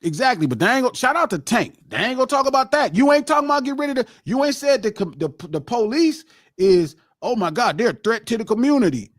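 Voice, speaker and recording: A man's voice: very high voice, very animated, quick pace, no echo, clean studio sound. A middle-aged man hosting a live podcast, lecturing in a heated, profane, impassioned rant. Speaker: podcast host.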